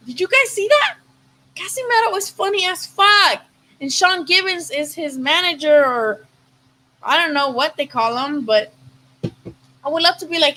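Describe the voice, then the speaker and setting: A woman in her twenties hosting a casual boxing livestream, animated and swearing freely as she thinks aloud. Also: very high voice, normal speed, rough recording. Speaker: boxing show host.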